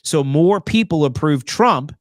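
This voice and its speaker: Animated sarcastic male host. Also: on the high side, measured pace, dry recording, studio quality. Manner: animated, sarcastic, many fillers. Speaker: show host. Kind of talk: casual political commentary.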